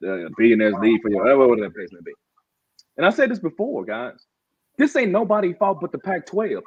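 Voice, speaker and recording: A man's voice: high-pitched, breathy edge. A man co-hosting a podcast, delivering a heated, emphatic sports-talk rant and calling the others "bro". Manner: fired up, emphatic, says bro and y'all often. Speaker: podcast co-host. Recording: dull lo-fi audio.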